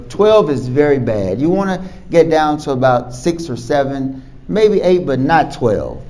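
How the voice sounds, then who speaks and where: A man who is a doctor, telling a patient story to camera in an animated way, chuckling and repeating words as he goes. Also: fairly high pitch, low-quality recording. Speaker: physician.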